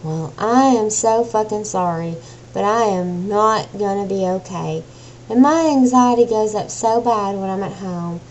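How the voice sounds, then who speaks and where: A woman's voice: medium pitch, unhurried, a little mellow, lo-fi sound, slight background noise. A young adult woman venting in an emotional personal rant, agitated and exasperated, swearing now and then. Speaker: vlogger.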